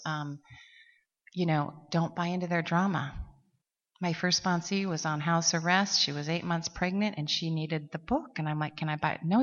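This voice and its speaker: Low-voiced woman telling her story in a hall. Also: a bit bright. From Seattle, USA. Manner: candid and rambling, many fillers and restarts; irreverent, blunt asides. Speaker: recovery meeting speaker. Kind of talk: personal story told to a convention audience. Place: large convention hall. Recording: dull sound, long hall reverb.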